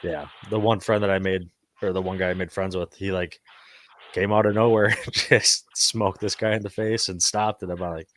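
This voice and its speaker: Man, guest, very low voice, relaxed matter-of-fact telling. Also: moderate pace. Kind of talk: casual chat.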